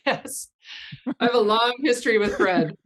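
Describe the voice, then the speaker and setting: A woman's voice: on the high side, expressive, measured pace. A woman in her fifties, a guest in an interview, telling long rambling anecdotes in casual chat and laughing often. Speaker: guest, artist coach.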